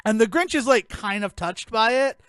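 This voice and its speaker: A man co-hosting a podcast, retelling a film in a rambling, animated way and acting out the characters' lines. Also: extremely high pitch, normal speed, no room sound, clean studio sound. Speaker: podcast co-host. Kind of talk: casual movie review chat.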